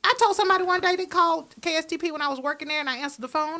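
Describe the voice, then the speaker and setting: High, bright-voiced woman telling stories. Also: rapid-fire. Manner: lively, animated, often drops into acted-out quoted voices; emphatic, repeats words for emphasis. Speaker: podcast guest, broadcaster. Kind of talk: casual conversational storytelling.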